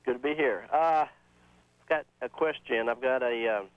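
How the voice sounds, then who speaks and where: Halting male caller on dull line. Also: medium pitch, clear, resonant tone, no room sound. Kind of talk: phone-in question. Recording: dull, dry phone line.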